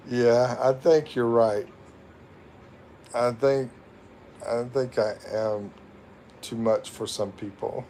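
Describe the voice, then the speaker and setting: A man's voice: mid-range voice, fairly even intonation, slow pace, long pauses, dark tone. Man, American accent, livestream host, rambling, self-mocking, faint background noise. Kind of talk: casual livestream chat, reading comments. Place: home in the Philippines.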